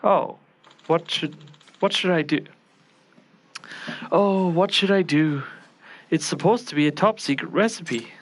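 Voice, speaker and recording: A man's voice: fairly high pitch, unhurried, long pauses. A man doing a flustered, fretful young cook. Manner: flustered, self-scolding.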